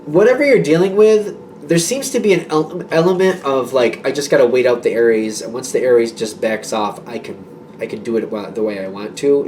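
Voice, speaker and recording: A man's voice: medium pitch, a little mellow, far from the mic, slight background noise. A man giving a casual tarot reading to his viewers, rambling and reassuring, with many fillers and restarts. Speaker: tarot reader.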